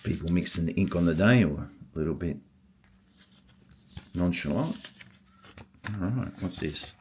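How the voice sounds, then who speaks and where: An older man who collects stamps, talking casually and husky-voiced, murmuring and exclaiming to himself as he sorts. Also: deep voice, measured pace, a little mellow, a little hiss or hum. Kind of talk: casual vlog, thinking aloud while sorting.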